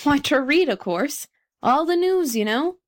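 A brash young newsboy who yells his wares and teases the customers, as a woman puts him on. The voice jumps high and loud with a pushy street swagger. It comes from a storybook reading. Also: animated, measured pace, no echo, clean studio sound. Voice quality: cheeky, pushy street talk.

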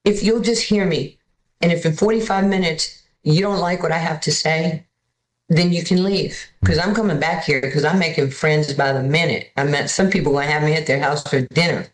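A woman's voice: low-pitched, moderate pace. A woman, telling stories casually as a guest and acting out the voices of the people she quotes. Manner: animated, acts out voices in quotes. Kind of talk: casual storytelling. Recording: echoey room.

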